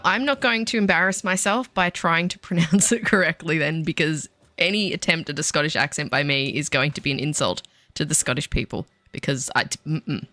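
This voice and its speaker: Chatting with viewers as she plays, an Australian woman keeps things casual, self-deprecating and prone to tangents. Her voice sits low with a bit of brightness, and there's a little hiss or hum in the audio.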